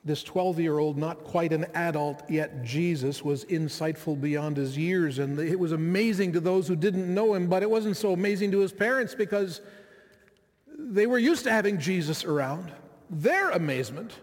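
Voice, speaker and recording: Male preacher, high-pitched, conversational and reflective, recorded in a reverberant hall. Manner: reflective, conversational, with frequent asides to the listeners. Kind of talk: sermon.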